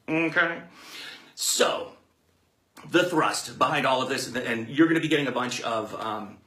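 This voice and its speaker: A man gives a loose, playful lesson on book marketing, rambling and happily inventing words. His voice is bright and forceful. The room around him rings with noticeable echo. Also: medium pitch. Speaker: author marketing coach. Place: room with a whiteboard.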